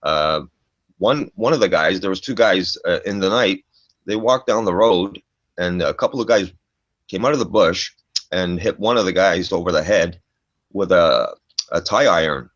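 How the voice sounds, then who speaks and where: Man, low voice, swearing and emphatic, dull dry lo-fi recording. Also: moderate pace, fairly bright tone, no echo. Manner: profane, emphatic, tags lines with "man" and "eh". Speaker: storyteller guest. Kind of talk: casual storytelling chat.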